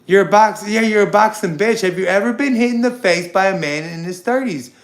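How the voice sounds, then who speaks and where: A man in his thirties hosting a livestream, ranting crudely and confrontationally at a chatter, loud and excitable and repeating himself. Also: high voice, brisk. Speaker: livestream host. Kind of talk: unscripted livestream rant. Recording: roomy echo.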